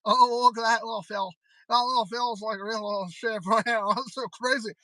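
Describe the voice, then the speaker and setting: A man hosting a live stream, rambling and giggling. His voice is bright and forward. The recording is close and dry. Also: high-pitched, fairly even intonation, a little fast, no echo, low-quality recording. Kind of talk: casual live-stream chat.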